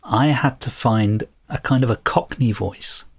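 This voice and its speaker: A man's voice: medium pitch, a little slow, vocal fry, breathy edge. A man co-hosting a book discussion podcast, talking in a thoughtful, self-deprecating way and explaining at length. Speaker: podcast co-host.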